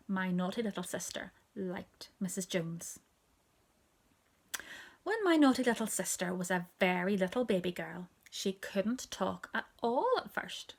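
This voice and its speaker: A woman telling a children's story aloud, storybook style. She reads expressively, slipping into a hushed near-whisper for the quieter asides. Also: mid-range voice.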